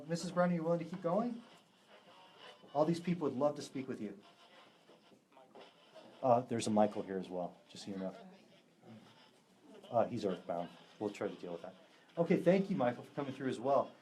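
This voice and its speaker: A man hosts a ghost hunt in a room of a historic house, speaking to the spirits as a psychic medium. His voice is mellow and warm, and his manner is upbeat, with easy laughs. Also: medium pitch, big pitch swings, normal speed, pauses often. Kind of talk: live event chat.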